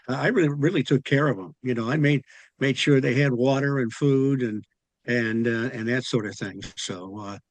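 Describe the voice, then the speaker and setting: A man's voice: mid-range voice, dry recording. A man in a casual chat, talking hesitantly with many fillers.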